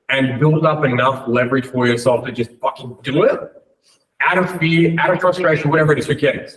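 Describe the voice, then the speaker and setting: A man giving a blunt motivational talk to a room, peppering it with swearing and rhetorical "right?"s. His voice sits at a middling pitch and carries an echoey, roomy sound, picked up from some distance away. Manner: blunt and profane, many "right?" and "like". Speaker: business coach. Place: room with an audience.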